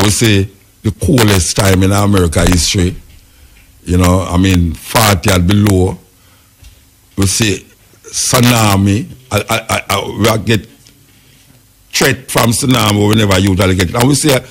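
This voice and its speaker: A man's voice: fairly low pitch, normal speed, slight background noise. A man with a Jamaican accent hosting a radio talk show, talking in patois and arguing his point. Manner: Jamaican patois, speculative, argumentative.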